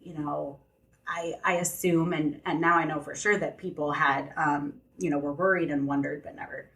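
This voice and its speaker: A woman's voice: low-pitched, steady tone, normal speed, a bit bright. A young adult woman, a podcast guest, telling a personal story candidly in conversation, filling her speech with "like" and "you know.".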